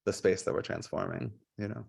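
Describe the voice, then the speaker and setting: A man presenting his public art work on a video call, casual and halting, with many fillers and restarts. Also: lowish voice, vocal fry, darkish tone, breathy edge. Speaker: guest artist.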